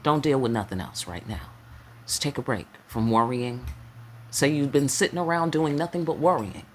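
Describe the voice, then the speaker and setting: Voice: medium pitch, a little hiss or hum. A tarot reader giving a casual spiritual reading, talking in an emphatic, repetitive way with slang and frequent check-ins with the listener. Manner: slang-laced, preacherly delivery.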